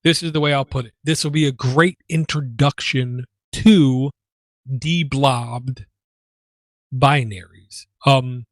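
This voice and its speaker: A man's voice: medium pitch, steady tone, slow pace, no echo. A man hosting a casual tech podcast, talking in a rambling, self-deprecating way. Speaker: podcast host.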